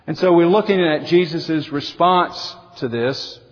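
High-voiced preaching man in a big hall. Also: measured pace. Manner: animated preaching, voices quotes with big pitch swings. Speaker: pastor. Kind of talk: sermon. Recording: dull lo-fi sound with long hall reverb.

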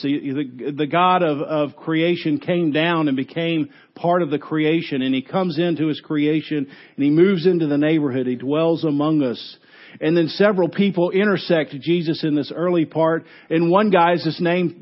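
A male pastor preaches a sermon, telling the story with lively quoted voices and dropping low and quiet to stress key words. The recording has its highs cut off.

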